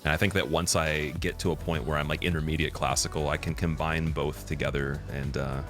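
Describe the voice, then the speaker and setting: A low-voiced man giving casual live-stream commentary while he plays. He chats with his viewers, laughs often and gets loud and excited. Faint music plays behind him. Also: brisk. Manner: chatty and giggly, talks to chat, gets loud and excited. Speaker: game streamer.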